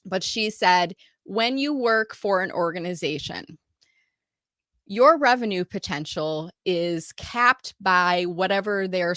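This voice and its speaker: Middle-aged woman, business owner, animated storyteller; bright tone, dry close sound. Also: fairly low pitch, no echo. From United States. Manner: animated storytelling, acting out quoted dialogue. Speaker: marketing business owner telling her career story. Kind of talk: live online talk.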